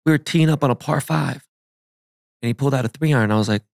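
A man hosting a podcast, telling stories in a loose, profane, animated way and calling people "bro". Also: medium pitch, quick pace, vocal fry, dry recording, studio quality. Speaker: podcast host. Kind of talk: casual storytelling. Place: podcast studio.

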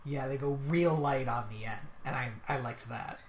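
A podcast host in casual conversation, chatty and quick, often cutting in with afterthoughts. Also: mid-range voice.

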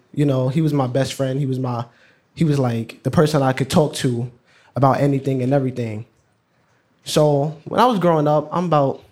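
A teenage boy, telling a personal story live in a casual, slangy, laughing way. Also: mid-range voice. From New York. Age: teens. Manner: casual, chatty, slangy, laughs along with his own story. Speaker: student storyteller.

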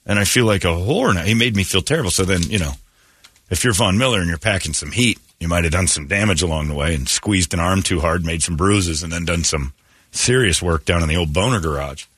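A man hosting a morning radio show, telling stories in animated casual banter. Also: low voice, a little fast, breathy edge, dry recording. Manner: animated storytelling with quoted voices.

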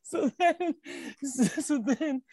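A man's voice: extremely high pitch, slow pace, a little mellow, no room sound. Giggling, rambling man telling crude stories. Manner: rambling storyteller, cracks up laughing; crude, profane humor. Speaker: podcast co-host. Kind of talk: casual chat.

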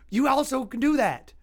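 High-voiced man on a sarcastic rant. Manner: exasperated, sarcastic, acts out quoted voices. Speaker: comedian podcast host. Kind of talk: casual comedic rant.

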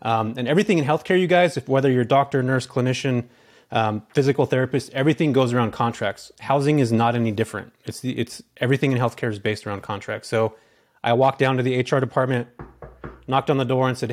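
A rapid-fire male podcast guest at a middle pitch, rattling through his story in a loose, casual way. He sprinkles in filler words and acts out the voices of the people in his anecdotes with plenty of energy. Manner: animated, acts out his own dialogue, heavy filler words.

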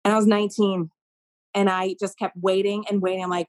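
A woman in her thirties from Maine, a Broadway performer talking in a casual interview, telling stories in an effusive, animated way. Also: mid-range voice, fairly quick. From Maine, USA. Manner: effusive, animated storytelling with lots of "like".

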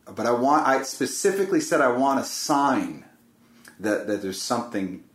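A man telling a personal story in a reflective, casual conversation, speaking haltingly, often repeating words. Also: mid-range voice, very animated. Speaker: podcast guest. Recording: roomy echo.

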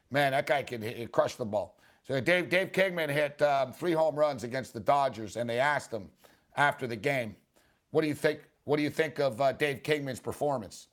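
A man hosting a sports talk show, telling stories in a rambling, excitable way. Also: mid-range voice. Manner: rambling, excitable storytelling with laughs and acted quotes. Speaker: sports radio host.

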